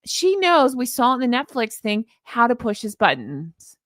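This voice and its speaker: A woman's voice: a little high, normal speed, dry recording, clean studio sound. Sarcastic woman ranting on a livestream. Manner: sarcastic, animated, talks to live chat. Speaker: commentary channel host. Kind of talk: casual opinion chat with live chat.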